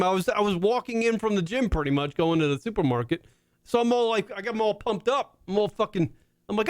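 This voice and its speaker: A man in his thirties co-hosts a comedy talk podcast, telling stories in a profane, animated way. His voice sits a little high. The sound is dry and close to the mic. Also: normal speed, dry recording. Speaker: podcast co-host. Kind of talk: casual comedy chat.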